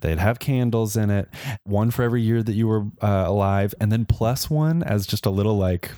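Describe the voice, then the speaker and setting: A man's voice: on the low side, normal speed, no room sound, studio quality. A young man hosting a comedy podcast, telling a history story with sarcastic, playful asides. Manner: sarcastic, playful, animated with exaggerated voices. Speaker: podcast host.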